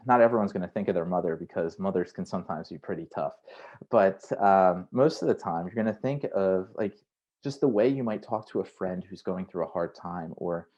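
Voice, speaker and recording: A man's voice: low voice, darkish tone, highs cut off. A man who is a career coach, giving an online workshop in a conversational way and often checking in with "right?". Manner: conversational, frequent "right?" tags; acts out inner voices in quotes.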